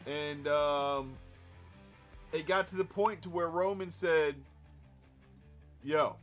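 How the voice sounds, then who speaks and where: Speaking at a slow pace, a podcast co-host with a fairly high voice loosely narrates a story, swearing freely, staying animated, and performing the things people said. Clear music runs underneath the casual chat.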